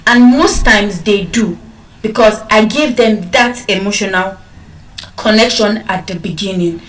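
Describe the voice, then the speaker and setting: A woman with a Nigerian accent giving an animated speech to an audience, acting out customer calls as she tells stories. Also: on the high side. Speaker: public speaker. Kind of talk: motivational speech. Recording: echoey hall from far off.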